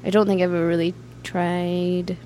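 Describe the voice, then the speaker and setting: A woman's voice: on the low side, little pitch movement, moderate pace, dark tone, a little hiss or hum. A young woman with a Scottish accent, a band member chatting casually in an interview, laughing often and acting out quoted voices.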